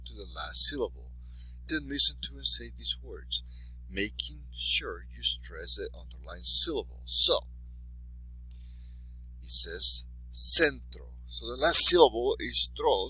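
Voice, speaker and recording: A man teaching a Spanish class to students, giving encouraging instructions and saying each example word twice, slowly and with clear stress. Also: on the low side, pushed and bright, no echo, rough recording. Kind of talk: recorded class lesson for students.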